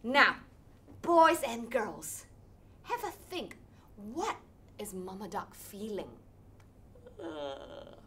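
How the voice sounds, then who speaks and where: A woman leading an interactive children's storytelling session, animated and sing-song, with playful sound effects. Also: medium pitch, very slow, pauses often, slight background noise. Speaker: storytelling workshop leader.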